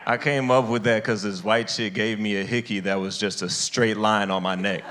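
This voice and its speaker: A man performing a stand-up comedy set on a live stage, jumping into high, loud voices to act out other people. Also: fairly even intonation, normal speed, a little hiss or hum.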